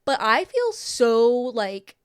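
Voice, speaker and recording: Brief: young female podcast co-host, smooth clear voice, animated storyteller who acts out lines. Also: a little high, takes it slowly. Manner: animated retelling, acts out dialogue, frequent "like". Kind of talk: casual chat.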